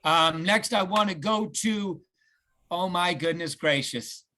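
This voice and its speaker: Male host for a company video call, heartfelt and halting, bright and a bit high. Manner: earnest and emotional, slow with restarts.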